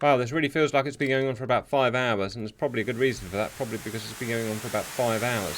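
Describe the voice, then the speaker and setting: A man commentating on a simulated air and sea battle, excitable and sarcastic, talking straight to his viewers. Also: mid-range voice, rapid-fire. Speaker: war game commentator. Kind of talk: live gameplay commentary. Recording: steady hiss behind the voice.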